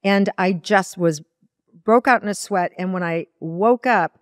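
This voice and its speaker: A woman's voice: medium pitch, measured pace, no echo, studio quality. A woman, a spiritual teacher, earnestly telling a personal story in a podcast interview and acting out her own past words. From Iowa. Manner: earnest, animated retelling with quoted inner dialogue.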